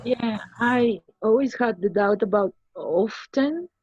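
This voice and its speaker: Curious class student, high and slow, dull lo-fi sound. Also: lively intonation. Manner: curious, questioning. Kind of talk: asking questions in class.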